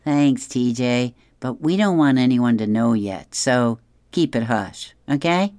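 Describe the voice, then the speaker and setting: A careful young man from a comic strip speaks slowly, with a lift at the end of his lines, as a reader puts him on. The recording is dry. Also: mid-range voice, animated, darkish tone, no room sound, lightly acted. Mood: hushed.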